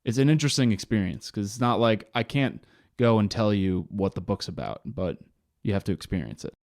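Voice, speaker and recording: A man's voice: on the low side, expressive, a little fast, darkish tone, dry recording, studio quality. A young man co-hosting a podcast, reflective and searching for words, with many fillers. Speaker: podcast co-host. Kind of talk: casual chat.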